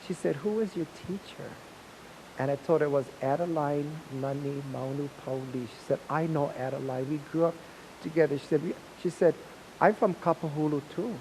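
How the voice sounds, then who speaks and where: A man's voice: a little high, steady tone, a little fast, darkish tone, a little hiss or hum, poor audio. A Hawaiian man who teaches hula, telling a story in an interview and acting out the remembered dialogue with animation.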